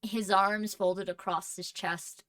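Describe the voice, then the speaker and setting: A woman running a tabletop role-play as game master, narrating scenes in a measured, descriptive way. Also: mid-range voice, little pitch movement, fairly bright tone, no echo, far from the mic.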